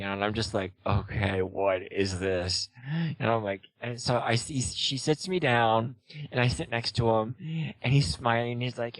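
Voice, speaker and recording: A man's voice: mid-range voice, dry recording, rough recording. A man telling a long personal story in casual chat, rambling with lots of "you know" and "like" and acting out the lines of the people in it. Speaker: guest.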